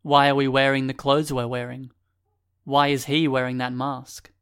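A man voicing a bitter teenage boy with glasses who talks in a loud, accusing way. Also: medium pitch, flat delivery, normal speed, clear, resonant tone, lightly acted. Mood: weary.

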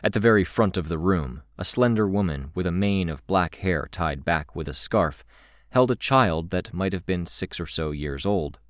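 Very deep-voiced man reading a novel. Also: animated, moderate pace, dry recording. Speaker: audiobook narrator. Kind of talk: first-person novel reading.

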